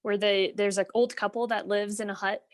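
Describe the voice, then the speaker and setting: A woman's voice: mid-range voice, level tone, a little fast. A woman co-hosting a podcast, chatting reflectively and telling stories. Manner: reflective, storytelling. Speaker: podcast co-host. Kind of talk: casual chat.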